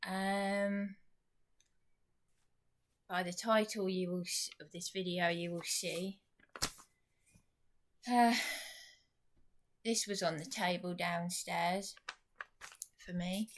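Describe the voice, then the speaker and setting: A woman talks straight to camera in a rambling, indignant vlog. She is sarcastic throughout and speaks at an unhurried, drawn-out pace. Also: on the low side, steady tone, slight background noise. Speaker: vlogger. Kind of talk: venting monologue to camera.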